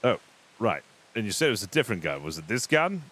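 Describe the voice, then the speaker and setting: Brief: teasing, rambling man in a roleplay, bright voice with lively pitch, faint music behind. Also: quick pace. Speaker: roleplay player as a captain character. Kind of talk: in-character roleplay chat.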